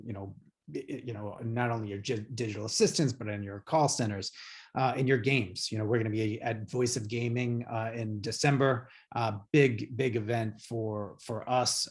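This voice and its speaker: Hesitant man presenting on a video call. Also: mid-range voice. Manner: hesitant, many fillers and restarts. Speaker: guest presenter. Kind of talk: conference talk.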